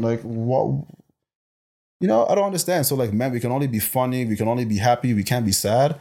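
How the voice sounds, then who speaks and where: A young man from Botswana, a personal trainer, talking as a guest in a casual interview, emphatic and animated and often repeating words as he thinks. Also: mid-range voice, quick pace, vocal fry.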